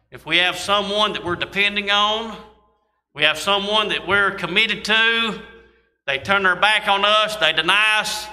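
A man's voice: high-pitched, sharp tone. A man preaching a sermon, reading scripture and adding folksy asides. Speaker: pastor. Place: church sanctuary. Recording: long church reverb.

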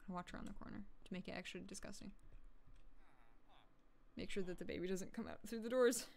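A woman's voice: mid-range voice, a little fast, creaky, long pauses, darkish tone. A woman, streaming a game and chatting casually in a crude, jokey way, humming and muttering to herself as she plays. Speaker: gaming streamer. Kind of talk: casual gameplay commentary.

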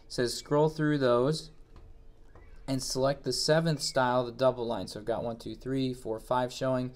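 A man with an ordinary mid-pitched voice narrates a screen-recorded software tutorial. He reads out each step and then talks it through in a plain way, thinking aloud as he goes. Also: fairly even intonation, moderate pace. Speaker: instructor.

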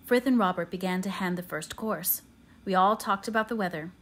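A woman narrating an audiobook in a measured, quiet, steady way. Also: medium pitch. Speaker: audiobook reader.

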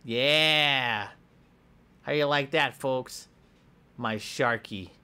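A man voicing a goofy, excitable schoolboy hero in a comedic game voiceover, jumping between squeals and mutters. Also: mid-range voice, very slow, clear, resonant tone, full character voice. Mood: playful. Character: hyper boastful schoolboy hero with a pet shark. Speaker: gameplay voice actor.

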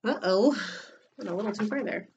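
A woman teacher reading a picture book aloud for preschool children, in an expressive, animated way. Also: mid-range voice, fairly quick, lo-fi sound, a little hiss or hum. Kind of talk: storybook read-aloud for children.

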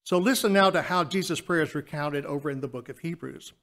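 A man giving an earnest Lord's Supper reflection in church, slowing down to stress key phrases. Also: a little high, fairly bright tone. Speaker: church speaker. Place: church sanctuary.

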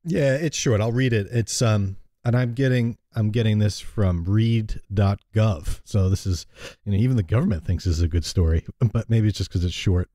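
A man's voice: on the low side, normal speed, dark tone, dry recording, studio quality. A man co-hosting a radio talk show, chatting casually and laughing easily with his partner. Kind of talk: casual chat and reading a fable aloud.

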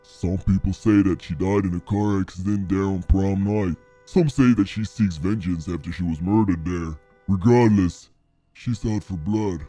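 An actor voicing a grim older gas station attendant in a horror game, giving warnings in a slow, ominous drawl. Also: male voice, sits low, dark tone, soft background music.

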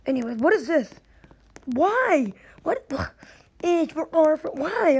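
High-voiced, jumpy woman gaming host. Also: unhurried, low-quality recording. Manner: jumpy, excitable reactions, talks to viewers as "guys". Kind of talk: gameplay commentary.

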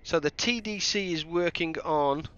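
A man's voice: on the high side, normal speed, fairly bright tone, smooth, muffled recording. A man doing live commentary on a game he is playing, thinking aloud and joking at his own mistakes. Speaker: game streamer.

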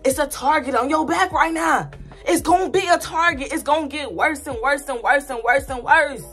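A woman's voice: sits high, normal speed, fairly bright tone, faint music behind. A woman vlogger giving spiritual commentary in a blunt, profane, emphatic rant that repeats points over and over. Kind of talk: ranting casual commentary.

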